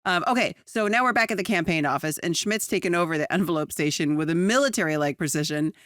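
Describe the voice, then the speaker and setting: A woman co-hosting a podcast, chatting casually about a sitcom episode, animated and laughing often. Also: fast talker, dry recording, studio quality. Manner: animated, laughs often, jumps to high excited pitch. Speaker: podcast co-host.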